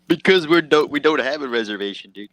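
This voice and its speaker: A man's voice: on the high side, lively intonation, quick pace, a bit bright, no echo, poor audio. A young man in a heated online debate, casual and brash, laughing at the others.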